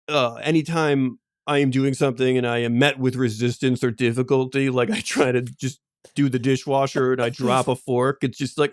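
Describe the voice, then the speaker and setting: A man's voice: mid-range voice, little pitch movement, moderate pace, no echo, clean studio sound. A man co-hosting a podcast, telling stories in loose, rambling casual chat full of asides and laughs. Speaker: podcast co-host.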